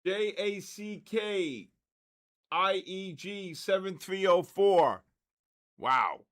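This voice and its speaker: Exasperated older man, bright forceful voice. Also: sits high, animated, extremely slow. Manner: exasperated, joking, spelling out usernames letter by letter. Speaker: trading livestream host. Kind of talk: casual livestream chat, calling out viewer names.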